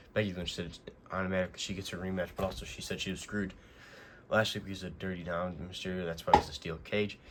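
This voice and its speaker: A man with a deep, even, fairly monotone voice talks through a casual recap. He rambles and restarts his sentences, fills the gaps with "uh" and "um", and a faint hiss sits under him. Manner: rambling, many fillers and restarts. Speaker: wrestling recap host.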